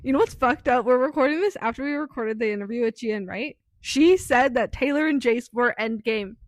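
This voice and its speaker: A woman's voice: a little high, fairly quick, dry recording. A woman co-hosting a book podcast, chiming in with corrections and details in casual chat. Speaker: podcast co-host.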